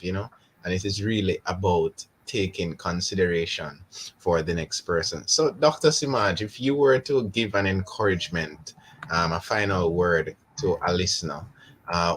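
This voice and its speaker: Low-voiced radio host, measured. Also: male voice, fairly bright tone, husky. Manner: measured, affirming, many fillers. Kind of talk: radio talk show hosting.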